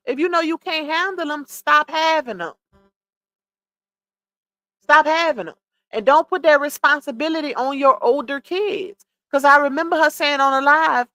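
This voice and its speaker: High-voiced blunt woman scolding on a livestream. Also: moderate pace, sharp tone, dry recording. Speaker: livestream commentator. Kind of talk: casual gossip commentary.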